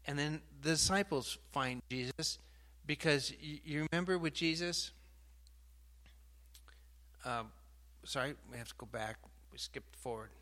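Bright-toned animated preacher man. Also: mid-range voice. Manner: animated, rising to emphatic outbursts; pauses mid-talk to sort out slides. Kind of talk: sermon.

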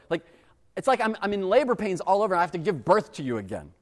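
A man giving a casual, conversational sermon as a pastor, animated and acting out exasperated voices. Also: high voice, quick pace, long reverb tail.

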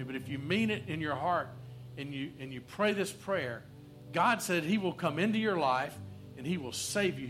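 A man with a slightly high voice preaches in a church, quoting verses and drawing the congregation in with questions. He eases into a hushed, tender tone for the prayer. Faint music plays behind him. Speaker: pastor. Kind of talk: sermon. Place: church, also streamed online.

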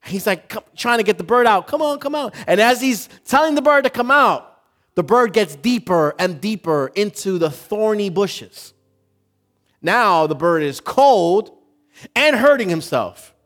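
A man's voice: sits high, animated, measured pace, fairly bright tone. A man preaching a sermon through a story, asking the congregation questions and building to emphatic points.

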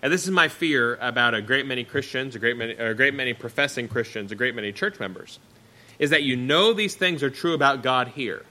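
Bright-voiced man preaching a sermon. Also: medium pitch, fairly quick, poor audio. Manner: reads scripture aloud then explains it in plain words, rising and dropping.

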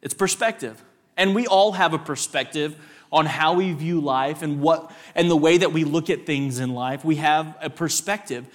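A young man with a West Texas twang speaks as a guest at a church service, his voice pitched a touch high. He tells animated personal stories and stops to ask the audience questions. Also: moderate pace.

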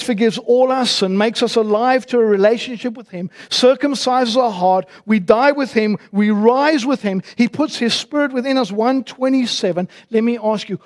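A man's voice: sits high, darkish tone. A male pastor preaching a sermon in a church, emphatic and asking his listeners many rhetorical questions.

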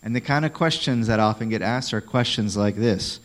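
A man's voice: lowish voice, moderate pace, rough recording. A man preaching a sermon in a conversational, emphatic way, often asking the congregation questions. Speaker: pastor.

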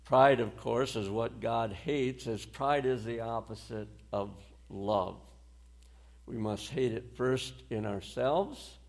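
Slow gravelly-voiced male preacher. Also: medium pitch. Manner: slow, deliberate delivery with pauses and short dry laughs. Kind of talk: sermon.

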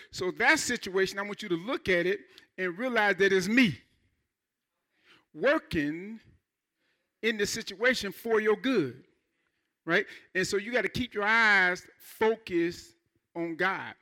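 Bright high-voiced male preacher. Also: animated, measured pace, long pauses. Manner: fervent preaching with call-and-response. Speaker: pastor. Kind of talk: sermon. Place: church.

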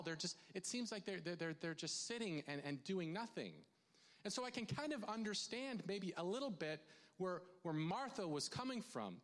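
High-voiced man preaching in a reverberant hall. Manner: chatty and animated, with frequent restarts and asides to the congregation. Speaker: pastor. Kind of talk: conversational sermon.

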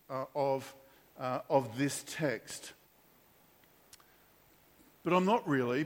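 A man preaching a sermon, telling a story with animated character voices and frequent restarts. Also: fairly high pitch, big-room sound. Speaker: pastor.

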